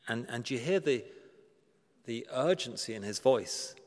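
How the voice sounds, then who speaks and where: A man's voice: mid-range voice, animated, vocal fry. Earnest preacher man in a reverberant hall. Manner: earnest, emphatic, slows down to stress key words; asks rhetorical questions with a touch of dry humor. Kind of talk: sermon. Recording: long reverb of a large hall.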